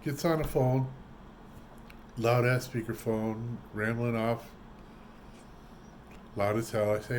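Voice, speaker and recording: A man's voice: mid-range voice, slow, long pauses, a little hiss or hum. A man vlogging, telling a casual story with lots of energy and acting out what people said. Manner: animated, acts out quoted voices. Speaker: trucker vlogger.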